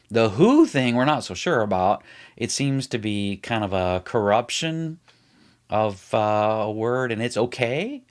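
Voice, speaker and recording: Low-voiced man teaching a casual Bible lesson. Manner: chatty, explaining while writing on screen.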